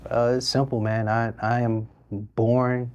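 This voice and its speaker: A man's voice: mid-range voice, flat delivery, slow, a little mellow, lo-fi sound. A man, a mayor speaking earnestly and steadily in a studio interview. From Birmingham, Alabama. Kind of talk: interview conversation.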